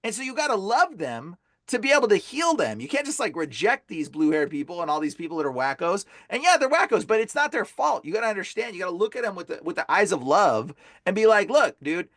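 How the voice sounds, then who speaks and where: A man guesting on a podcast as an exorcist, telling stories in a casual, animated way and saying "bro" constantly. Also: sits high, fast, few pauses, no echo, studio quality.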